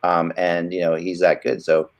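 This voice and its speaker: Male podcast host, very low voice, loose rambling hockey chat. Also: monotone, normal speed, lo-fi sound. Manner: rambling, many restarts.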